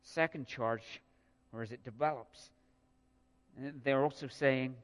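A man's voice: mid-range voice, slow. A man preaching a sermon, earnest and prone to repeating words as he builds a point. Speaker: pastor. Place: church sanctuary. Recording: long reverb of a church hall.

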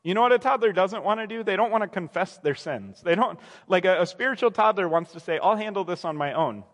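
A man's voice: sits high, fast talker, a bit bright, big-room sound. A young man preaching a sermon in a casual, conversational way, often restarting phrases and acting out quoted voices. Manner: conversational, self-correcting, acts out quoted voices. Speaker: pastor.

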